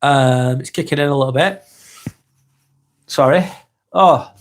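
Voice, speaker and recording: A man in his forties with a Lancashire accent, hosting a calm live vlog and reading comments while he has a cold. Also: medium pitch. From East Lancashire, England. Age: 40s. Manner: unhurried, reflective, musing aloud with tag questions.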